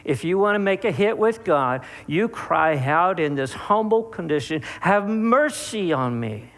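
A high-pitched male preacher delivers an emphatic sermon, slowing down on words he wants to stress. He speaks straight to his listeners with big rises and falls. The sound carries a long reverb, as if recorded in a large hall. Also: lively intonation. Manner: emphatic, with slowed, drawn-out key words and sharp rises and drops; addresses listeners directly.

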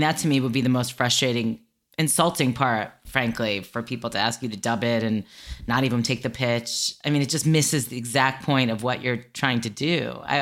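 A woman's voice: very deep voice, a bit bright. A woman interviewing a guest, asking questions and reflecting back with empathy. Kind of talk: casual interview.

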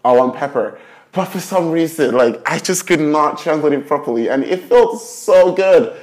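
A young man from Nigeria hosts a relaxed podcast conversation. He talks in an animated, chatty way with lots of fillers. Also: on the high side, normal speed. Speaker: podcast host. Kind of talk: casual chat.

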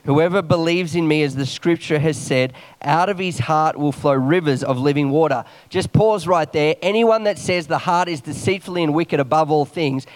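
A man preaching a morning sermon quickly, reading scripture aloud and adding quick asides and jokes. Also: a little high.

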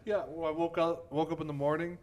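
A man's voice: on the high side, flat delivery, fairly quick, a little mellow. A man in casual chat, telling blunt, offhand stories.

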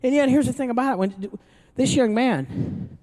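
In a dark, mid-range voice at normal speed, a pastor addresses a live congregation at a church service also broadcast online. He keeps things conversational and jokey, often starting sentences over and quizzing the audience.

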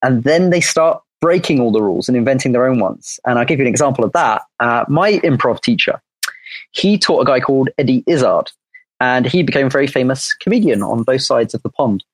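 A man's voice: medium pitch, animated, brisk, no echo, rough recording. A man chatting casually as a guest coach, upbeat and joking as he explains things. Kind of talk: casual chat.

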